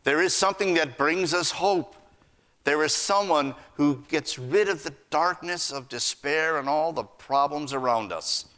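A man preaching a sermon, earnest, swinging between raised emphasis and hushed lines. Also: fairly high pitch, measured pace. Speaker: pastor.

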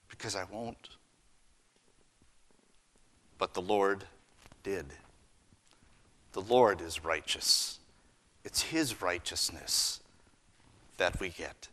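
A man preaching a sermon, earnest, swinging between raised emphasis and hushed lines. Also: sits low, animated, takes it slowly, long pauses. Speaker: pastor.

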